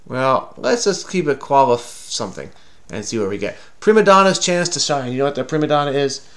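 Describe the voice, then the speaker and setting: A man's voice: medium pitch, animated, fairly quick, a bit bright. A man hosting a casual crossword solve with a child, teasing playfully and patiently explaining the clues. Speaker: crossword solving host. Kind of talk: casual puzzle-solving chat with a child.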